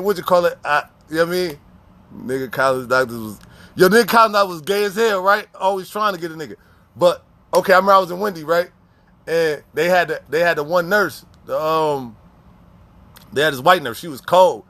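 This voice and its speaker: A man casually telling prison stories in heavy profane slang, animated, with frequent restarts and repeats. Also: a little high, brisk. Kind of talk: casual storytelling.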